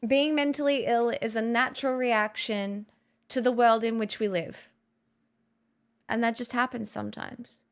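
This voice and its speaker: Her voice on the high side, creaky yet clean in tone, a young woman live streamer rambles casually at her desk. Self-mocking and freely profane, she talks into a good studio mic.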